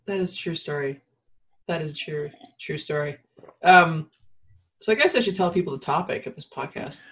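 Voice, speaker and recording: This Canadian woman hosts a casual podcast interview from her home studio in Ottawa, chatty and laughing often. Her voice sits low and is a bit bright and husky, sleepy with early morning, and she speaks at a moderate pace.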